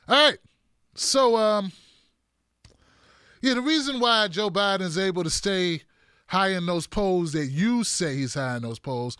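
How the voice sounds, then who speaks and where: Host, man, sarcastic ranter, fairly high voice, dry close sound. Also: fairly bright tone, no echo. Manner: combative, sarcastic, profane. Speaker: host of a political commentary show. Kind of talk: live-stream commentary.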